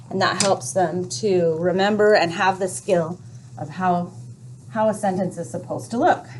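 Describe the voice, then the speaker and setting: A woman explaining a first grade reading lesson to parents, speaking clearly and patiently, step by step. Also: mid-range voice, darkish tone, a little hiss or hum.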